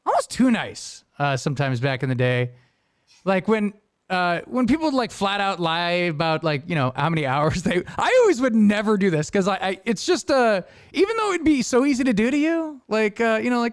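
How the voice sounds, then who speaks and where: Excitable man with a high, lively voice. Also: clear, resonant tone, no room sound, studio quality. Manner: rambling, laughing, quotes people in raised voices. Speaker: podcast host. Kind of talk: casual chat.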